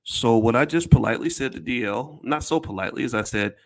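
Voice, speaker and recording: This is a man with a middle-pitched voice, talking straight to his viewers in casual commentary. He is blunt and emphatic and swears now and then. He often stumbles, repeats a word and starts the sentence over. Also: quick pace, vocal fry. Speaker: commentator addressing his audience.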